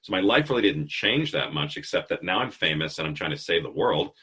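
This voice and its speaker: Host, male, 50s: very deep, raspy voice, animated storyteller, casual and profane. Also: fairly quick. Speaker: podcast host. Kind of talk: casual interview chat.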